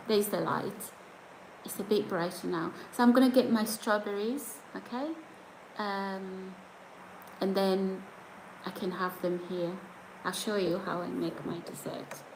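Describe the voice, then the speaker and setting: A woman's voice: medium pitch, slight background noise, poor audio. A woman chatting casually on a live stream, reading viewer comments aloud and often breaking into giggles. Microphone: phone or camera set on a surface.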